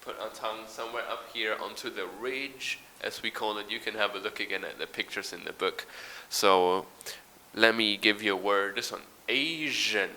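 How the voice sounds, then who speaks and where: This man has a fairly low, fairly even voice with a bright, forceful tone, delivered at a moderate pace over slight background noise. He's giving a recorded English pronunciation lesson, explaining patiently, demonstrating sounds and reading a brief text out loud.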